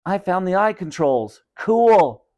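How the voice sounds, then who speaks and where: A smug, bratty young prankster, as a man voices him, pitched higher than the reader's own voice. He mocks and teases in a lively way. It's a storybook read-aloud. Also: slow. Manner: smug, mocking. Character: mean bratty boy, prankster.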